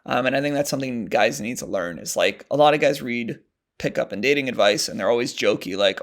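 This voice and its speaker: A man's voice: mid-range voice, fast. A man giving dating advice in a casual, conversational monologue, with frequent fillers like "um" and "like". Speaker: dating coach. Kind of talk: advice monologue answering a question.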